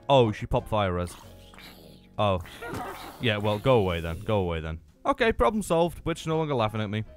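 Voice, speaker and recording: A young man giving playful, excitable commentary on his Minecraft game, taunting the mobs and laughing often. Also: on the low side, fast talker, faint music behind. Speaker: gaming YouTuber. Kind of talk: Minecraft let's-play commentary.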